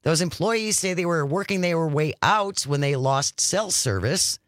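A man's voice: fairly high pitch, expressive, a little slow, a bit bright, no room sound, clean studio sound. A man hosting a radio show, recapping a news story and chatting with his co-host. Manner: chatty, reads stories then riffs. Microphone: studio microphone.

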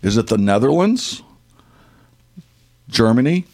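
A man's voice: medium pitch, sing-song, takes it slowly, a little mellow. A man with a Northern US accent reading out Christmas trivia questions in a casual, jokey way, laughing often and stumbling over his wording. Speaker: quiz host.

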